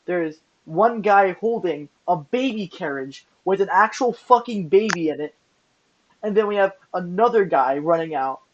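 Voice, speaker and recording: Man, high voice, excitable storyteller, profane, casual podcast chat, muffled lo-fi audio. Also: normal speed, a little hiss or hum. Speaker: podcast co-host.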